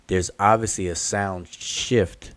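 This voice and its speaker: A man's voice: on the low side, fairly even intonation, slow pace, dry recording. A man hosting an online study group hangout, explaining patiently and thinking aloud over a video call. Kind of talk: casual online hangout discussion.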